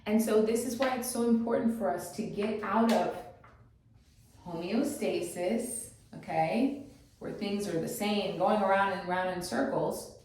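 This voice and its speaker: A woman's voice: medium pitch, unhurried, a little mellow. A woman giving a motivational teaching talk, encouraging and full of rhetorical questions, often checking in with "okay?". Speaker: motivational coach. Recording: very echoey room, distant mic.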